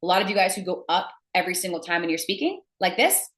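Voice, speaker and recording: Young adult woman, sales coach, emphatic and blunt, lowish voice, echoey room. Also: fairly even intonation, very fast, fairly bright tone. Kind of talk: teaching to camera.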